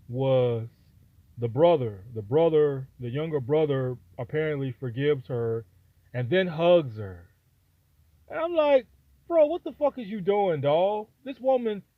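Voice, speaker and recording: Brief: fired-up high-pitched man, AAVE, profane vlog rant, tinny phone-quality audio. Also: no echo. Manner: heated, profane, repetitive. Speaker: vlogger giving opinion. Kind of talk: angry opinion rant. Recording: dry, phone-like sound.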